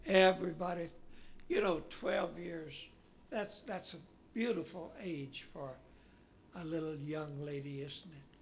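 A man's voice: fairly high pitch, steady tone, creaky, slight background noise. A man preaching a sermon in a folksy, storytelling way, rising dramatically when he quotes. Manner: folksy, slow, with dramatic rises when quoting.

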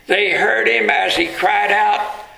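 Man, preacher, dramatic sermon storytelling, high-ish voice, gravelly, echoey room. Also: fairly even intonation, slow, bright, forceful tone. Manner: dramatic storytelling, rising to emphatic peaks.

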